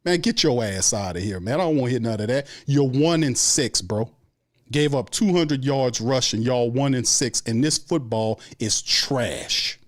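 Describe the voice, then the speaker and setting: A man's voice: mid-range voice, unhurried. A man hosting a sports show, delivering an angry, profane fan rant full of repeated complaints. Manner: angry, profane, repetitive ranting.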